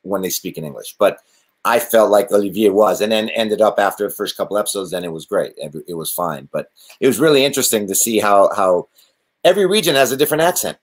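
Low-voiced man telling actor stories. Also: quick pace. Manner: animated, rambling, many restarts. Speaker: actor, guest. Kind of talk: casual interview storytelling.

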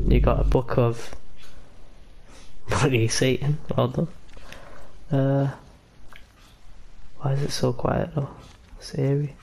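A man's voice: mid-range voice, fairly even intonation, takes it slowly, creaky, pauses often, noisy background. A man giving casual gameplay commentary on a horror game, jumpy and swearing, talking back at the game. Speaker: gamer playing a horror game.

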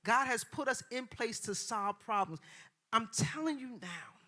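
A woman pastor preaching a sermon in a colloquial way, repeating phrases and rising from hushed passages to loud, shouted preaching. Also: on the high side, animated, unhurried. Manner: colloquial, repeats phrases, acts out quoted voices.

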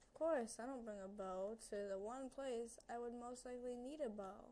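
A woman's voice: a little high, warm tone, slight background noise. A young woman giving casual gameplay commentary into a headset at home, nervous and chatty, talking to creatures in the game and to her viewers. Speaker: gaming video creator.

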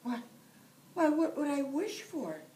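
A lazy Irish peasant man whines and wails about his lot, as a woman reader puts him on. The put-on accent rises high and swoops about, drawn out slowly. It sounds roomy and distant. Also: sing-song, dark tone, heavily acted. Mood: pleading. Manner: whining, wailing. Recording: echoey room, from afar.

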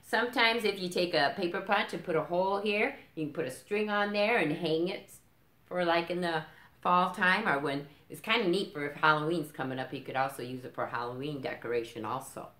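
A woman's voice: fairly low pitch, a little fast, a bit bright, echoey room. A woman hosting a library story time, patiently walking children through a craft step by step and checking in with them as she goes. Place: library room.

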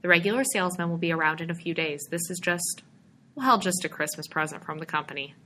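A woman reading aloud, voicing an anxious young man who speaks haltingly and breathlessly. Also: lowish voice, bright, forceful tone, a little hiss or hum. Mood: polite.

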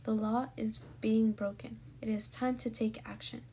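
A woman's voice: a little high, flat delivery, normal speed, dark tone, slight background noise, close to an everyday voice. A woman voicing an officious, by-the-book male police officer who talks in a formal, official way. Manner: formal, self-questioning, official.

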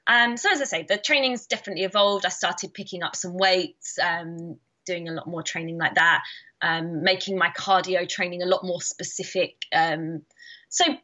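A British woman in her thirties, a karate champion appearing as a guest, chats in a relaxed interview, animatedly telling stories, laughing often and acting out what people said. Her voice is bright and forward, somewhat low, at a normal speed. The audio is dull and lo-fi, like a video call.

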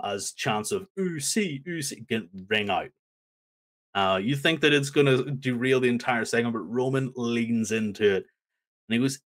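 Excited man recapping wrestling. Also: lowish voice. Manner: animated retelling, acting out quotes. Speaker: podcast host.

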